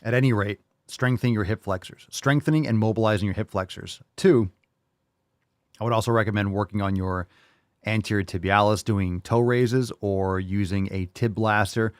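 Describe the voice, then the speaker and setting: A man's voice: on the low side, steady tone, moderate pace, no echo, clean studio sound. A man hosting a fitness podcast, joking and swearing between casual training advice. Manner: brash, joking, profane, enthusiastic. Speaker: podcast host and fitness coach.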